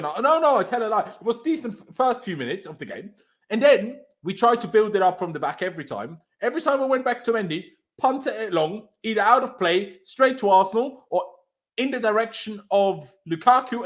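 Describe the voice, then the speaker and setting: A young man hosting a heated football reaction chat, his high voice leaping all over the place as he rants. He swears, fires off rhetorical questions and sounds thoroughly exasperated. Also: big pitch swings, brisk. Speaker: fan channel host.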